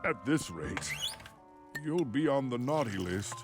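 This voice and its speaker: An actor playing a stern, weary, unimpressed old Santa Claus in a cartoon. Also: male voice, mid-range voice, expressive, lightly acted. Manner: dry, deliberate, unimpressed. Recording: clip with music behind. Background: music.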